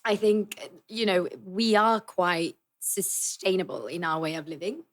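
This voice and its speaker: A woman's voice: lowish voice, unhurried. A woman from Sweden speaking polished English with a Swedish lilt, chatting casually as a podcast guest and laughing often. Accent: Swedish-tinged polished English. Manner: giggly, easygoing, laughs often. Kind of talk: casual chat.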